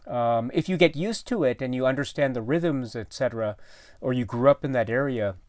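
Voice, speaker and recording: A man talking as a guest in a casual film discussion, halting and searching for his words with many restarts. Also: medium pitch, no room sound, clean studio sound. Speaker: guest commentator.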